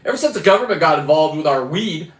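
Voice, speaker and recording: Middle-aged guy, rambling profane livestream rant, pitched a bit high, reverberant room. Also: animated, quick pace, a little hiss or hum. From California. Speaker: livestreaming diver and fisherman. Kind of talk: ranting livestream monologue. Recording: roomy echo.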